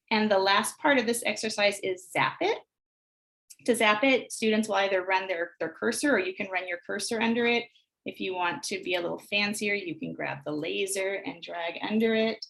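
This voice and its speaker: An American woman demonstrating early literacy exercises, sounding out words slowly and deliberately. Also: mid-range voice, creaky, a bit bright. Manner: slow, deliberate sounding out of phonemes. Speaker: teacher trainer. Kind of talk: instructional screencast demonstration.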